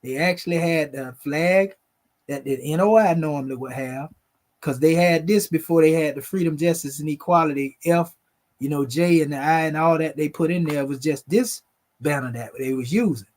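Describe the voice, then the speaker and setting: Male host, relaxed explanatory chat over images, slightly higher-pitched, calls his audience family. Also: moderate pace. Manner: conversational, addresses viewers as family. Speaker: video host presenting photos. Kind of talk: casual explanatory talk over pictures.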